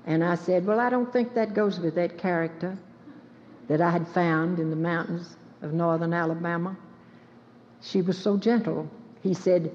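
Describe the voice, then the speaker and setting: A woman's voice: lowish voice, moderate pace, a little mellow, slight background noise. A woman, telling folksy, self-mocking stories to an audience and taking questions. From Southern United States. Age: 70s. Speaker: guest speaker taking questions. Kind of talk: storytelling talk to an audience. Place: auditorium with live audience. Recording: lo-fi recording in a reverberant hall.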